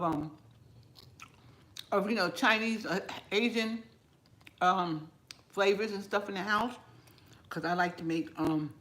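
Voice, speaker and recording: Chatty woman eating on a live stream. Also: fairly low pitch. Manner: chatty and relaxed, talks between bites and greets viewers by name; laughs often. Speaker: home cooking channel host. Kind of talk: casual live chat while eating.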